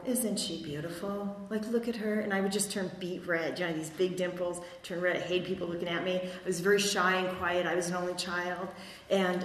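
A middle-aged woman speaking to a recovery group, halting and rambling with many ums, laughing at herself as she shares her story. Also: fairly low pitch, a little hiss or hum. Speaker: speaker sharing at a recovery meeting. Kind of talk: personal testimony to a group. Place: meeting hall. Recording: echoey hall, faint room ambience.

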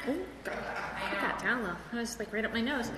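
A woman's voice: fairly high pitch, steady tone, moderate pace, noisy background. A speaker from Chicago sharing her story at a recovery meeting, rambling and chatty with lots of fillers, recorded in a meeting hall. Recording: echoey hall with room ambience.

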